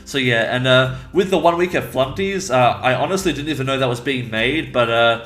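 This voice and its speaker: Bright-voiced upbeat man, echoey room. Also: mid-range voice, fairly quick. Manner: upbeat, chatty. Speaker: YouTuber and voice actor. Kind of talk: casual Q&A answers.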